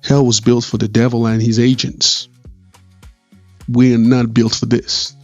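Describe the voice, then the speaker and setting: A man's voice: medium pitch, little pitch movement, a little slow, no room sound. A male host giving earnest, preaching reaction commentary, insistently repeating his points. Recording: dull, dry sound with faint music.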